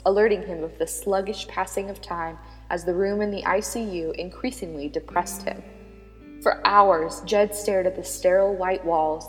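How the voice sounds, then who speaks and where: A woman narrating a serialized story in a measured, dramatic manner. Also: on the low side. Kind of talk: scripted audiobook narration. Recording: long reverb with background music.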